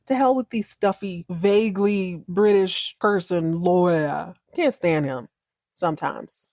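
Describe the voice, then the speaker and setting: A woman's voice: fairly low pitch, unhurried, dry recording, studio quality. Sassy woman recapping a show. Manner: sassy, animated, folksy storytelling with wry asides. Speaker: podcast host recapping a TV series. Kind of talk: casual recap monologue.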